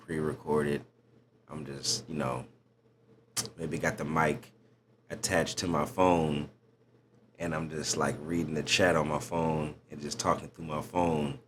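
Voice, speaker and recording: A man with an extremely deep, low voice rambles through a casual reaction chat, slangy and full of fillers. The home stream audio carries clear background noise. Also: flat delivery, a little slow, pauses often.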